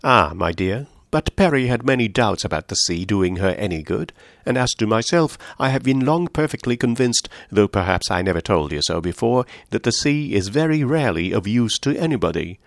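A man voicing a fretful elderly gentleman who fusses anxiously over health. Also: lowish voice, lively intonation, moderate pace, creaky, no echo, studio quality. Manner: anxious, fussing, gently scolding.

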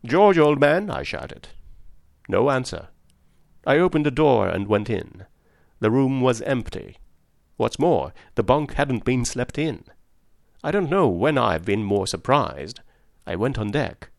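Expressive, gravelly male narrator. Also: mid-range voice, measured pace, pauses often, no echo, clean studio sound. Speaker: audiobook narrator. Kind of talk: first-person storytelling narration.

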